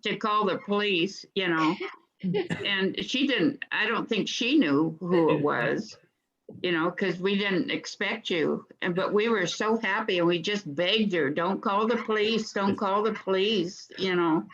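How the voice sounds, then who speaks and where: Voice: medium pitch, unhurried, a bit bright, highs cut off. An older sister fondly remembering a family story in a casual chat. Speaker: older sister telling stories.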